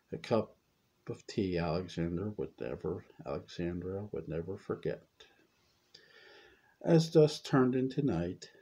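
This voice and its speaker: A man narrates a serialized story in a very deep, mellow voice. He reads slowly and evenly, stumbling over a word now and then. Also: slightly rough. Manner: unhurried storytelling with occasional stumbles. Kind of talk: reading fan fiction aloud.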